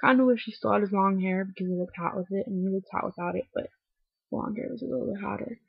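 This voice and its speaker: A young woman talks through an episode recap in loose, chatty bursts, full of "like"s and swears, a little low on energy as if unwell. Her voice is gravelly and husky. It sounds dull and lo-fi, close and dry on a webcam mic. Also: fast, no room sound. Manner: talkative, many "like"s, swears freely, acts out lines in quotes.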